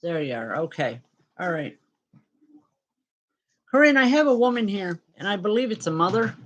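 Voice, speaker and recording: A female spiritual medium reads spirits for her live-stream audience in a mid-range voice. She's very animated yet gentle and reassuring, with pauses and fillers, and the recording sounds muffled.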